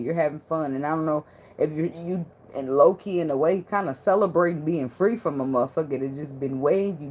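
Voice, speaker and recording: A woman's voice: low voice, a little mellow, slight background noise. A woman giving a casual tarot reading in loose slang, blunt and profane, with a lot of laughter. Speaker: tarot reader.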